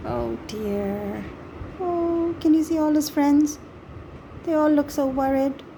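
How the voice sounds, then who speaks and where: A woman reading a picture book aloud to young children, gently expressive and pausing to ask the listener questions about the pictures. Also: high-pitched, slight background noise, poor audio. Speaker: storybook reader.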